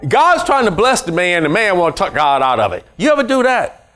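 A man preaching a sermon as a pastor in a church, animated and acting out the voices of his congregation. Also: high-pitched, normal speed, soft background music.

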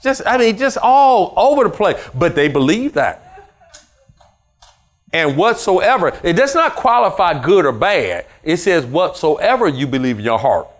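A man preaching a sermon as a pastor in a church, animated and acting out the voices of his congregation. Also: a little high, a little slow.

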